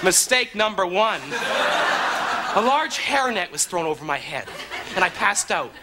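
A man telling a comic story in a wry, deadpan monologue that breaks into high exaggerated squeals. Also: unhurried, a loud crowd, very noisy. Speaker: comedic monologue narrator.

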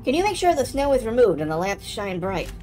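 A woman voicing a grave, mysterious ghost in a video game, reading slowly. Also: on the high side, sing-song, a little mellow. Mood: solemn. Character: solemn mysterious ghost, all-knowing.

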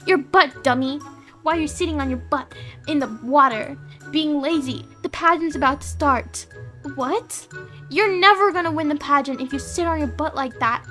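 A woman puts on a snooty, boastful mean girl for a game role-play, her high voice pushed loud and sneering. Soft music plays underneath. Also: moderate pace. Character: bratty mean popular girl, boastful and rude. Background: faint music.

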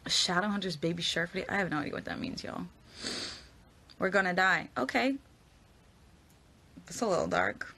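A woman's voice: lowish voice, animated, normal speed, vocal fry, long pauses, pushed and bright. A young woman answering fan questions in a casual live Q&A, rambling and hesitant as she stumbles over her words. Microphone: phone at arm's length.

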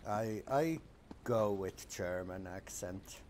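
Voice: low-pitched, takes it slowly, darkish tone, slight background noise. A streamer giving casual commentary while playing a game, musing aloud with hesitations.

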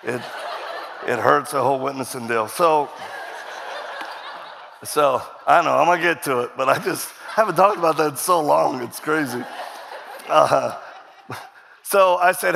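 A man's voice: on the high side, unhurried, gravelly, long pauses, a bit bright, a little hiss or hum. A middle-aged man preaching a storytelling sermon, acting out dialogue and laughing often as he talks. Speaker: guest preacher. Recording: reverberant hall.

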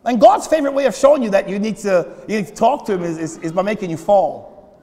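A male pastor with a strikingly high voice races through his sermon, stumbling on repeated words until he erupts into shouted prayer. His words echo away into the big church's long reverb.

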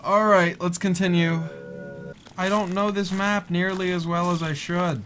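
A man's voice: high voice, steady tone, slow pace, pauses often, fairly bright tone. A man commentating a horror game playthrough, jittery and crude, swearing constantly and singing nervously to cope with his fear. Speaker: gaming commentator.

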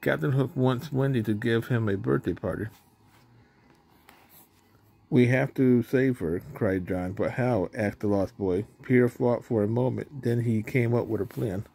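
A man's voice: mid-range voice, normal speed, gravelly, few pauses, mellow, slightly rough. A man reading a children's storybook aloud in a plain way, now and then slipping on words and starting over. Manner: plain reading, with slips and restarts. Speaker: storybook reader.

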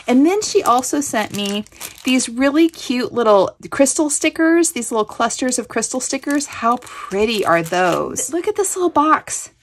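A woman's voice: high-pitched, very animated, moderate pace, a little hiss or hum. A woman from Kansas hosting a crafting vlog, gushing with effusive thanks as she unpacks a gift package. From Kansas, USA. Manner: gushing, effusive, breathy exclamations. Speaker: crafting channel host. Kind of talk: casual show-and-tell of a gift package.

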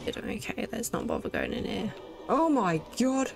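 A woman's voice: medium pitch, wildly swooping pitch, normal speed, gravelly. A woman giving chatty, jokey commentary while playing a game, often talking to herself. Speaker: let's play gamer. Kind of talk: casual gameplay commentary.

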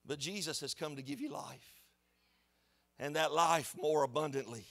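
Pastor, high male voice, lively storytelling sermon delivery. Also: moderate pace, creaky. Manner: animated, conversational preaching with storytelling. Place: church sanctuary.

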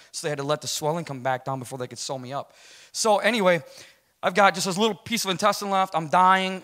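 Brief: quick-talking middle-aged man, fairly high voice, lively church testimony. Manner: storytelling, acts out quotes, casual slang. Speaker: guest speaker giving a testimony. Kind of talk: animated spoken testimony.

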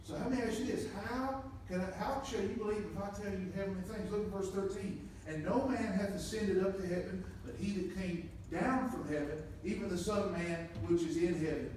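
A man preaching a sermon, moving from quiet scripture reading to loud, emphatic points. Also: high voice, a little fast, hardly any pauses, a little hiss or hum. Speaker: pastor. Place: church sanctuary. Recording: echoey room from far off.

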